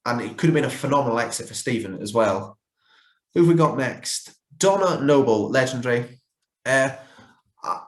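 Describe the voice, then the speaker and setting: A man talks through his rankings in a casual, opinionated way, often pausing on fillers and correcting himself mid-sentence. His voice sits at an ordinary middle pitch. The recording carries a noticeable roomy echo. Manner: opinionated, chatty with frequent fillers and self-corrections. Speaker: fan reviewer ranking characters.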